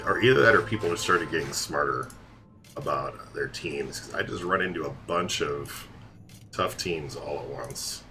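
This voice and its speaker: A man's voice: a bass voice, moderate pace, background noise. A man streaming a game and chatting casually, teasing and joking with his viewers. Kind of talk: casual livestream commentary.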